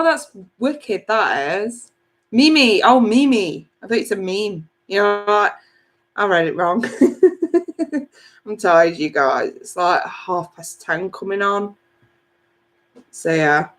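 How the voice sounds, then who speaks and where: Unhurried woman, tarot reader chatting live with viewers; giggly, casual swearing. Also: mid-range voice. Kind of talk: live-stream chat reading viewer comments.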